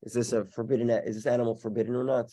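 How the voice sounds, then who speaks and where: Halting male Talmud teacher. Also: medium pitch, level tone, mellow. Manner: halting, many restarts, explains step by step. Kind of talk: daily Talmud class. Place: in-person class also streamed online.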